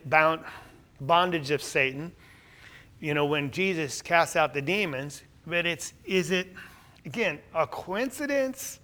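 A man preaching a sermon, asking the listeners questions and answering them himself, building to emphatic, louder points. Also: fairly high pitch.

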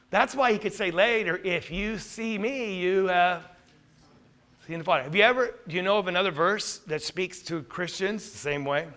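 A male pastor preaching a sermon, earnest, with emphatic rises and quiet drops. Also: high-pitched.

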